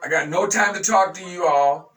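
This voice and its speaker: A high-pitched man with a bright, sharp tone hosts a talk radio show, venting outrage in a sarcastic rant. He sounds a little distant from the microphone. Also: normal speed. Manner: outraged, sarcastic ranting with mocking voices. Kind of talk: opinion talk radio monologue.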